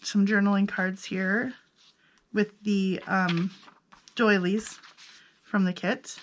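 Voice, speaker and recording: Chatty woman crafter, casual flip-through narration, mid-pitched voice, faint background hiss. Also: steady tone, takes it slowly. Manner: chatty, self-amused, thinks aloud. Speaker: crafter showing her handmade journals.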